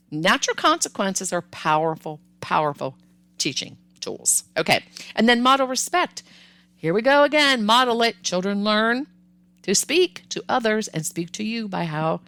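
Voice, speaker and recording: An older woman hosting a parenting podcast, giving advice in a calm, firm, instructive way with repeated emphasis. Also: medium pitch, no room sound.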